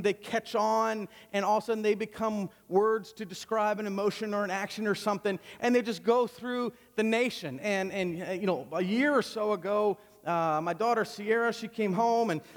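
A man with a high voice gives a sermon, chatty and full of humor rather than lofty. His words ring out with a long church reverb behind them. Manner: conversational and joking. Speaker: pastor. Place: church sanctuary.

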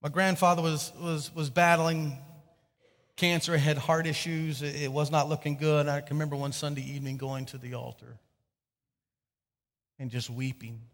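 High-voiced guy preaching, storytelling with stammers, hall echo. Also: normal speed. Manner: storytelling, animated, with stammered restarts. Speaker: pastor. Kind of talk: sermon.

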